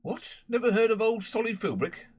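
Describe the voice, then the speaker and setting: A man's voice: high voice, lively intonation, moderate pace, pitched above the performer's own voice. A man voicing a boastful, rambling middle-aged London pub owner and former crook with a Cockney accent.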